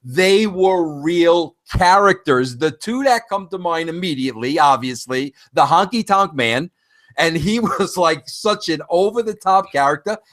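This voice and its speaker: A man's voice: on the high side, animated, measured pace, a bit bright. Emphatic New man on a podcast. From New York. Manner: emphatic, blunt, says "bro" constantly. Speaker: podcast co-host. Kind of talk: casual podcast chat.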